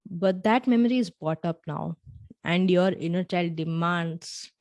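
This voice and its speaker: A woman hosting a podcast, talking the listener through a scenario in the second person with soft asides, and slowing down on key points. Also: fairly low pitch. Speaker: podcast host. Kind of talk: reflective storytelling podcast.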